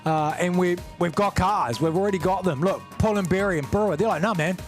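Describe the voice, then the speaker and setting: Brief: high-voiced Kiwi man, live drift caller, gets loud and fast on the action, music bed behind. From New Zealand. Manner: excitable, rising into near-shouted calls. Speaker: sim-racing commentator.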